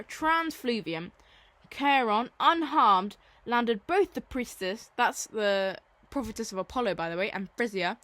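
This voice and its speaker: Woman teacher, casual revision lesson, enthusiastic and repetitive, slightly higher voice. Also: fairly bright tone, no room sound. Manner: chatty, enthusiastic, repeats key terms. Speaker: Latin teacher. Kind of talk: informal exam-revision lesson.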